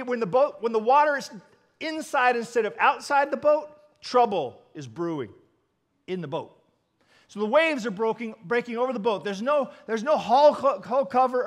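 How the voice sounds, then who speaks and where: A male pastor delivers a sermon through lively storytelling. His voice sits unusually high for a man, swinging between loud emphatic bursts and quiet asides.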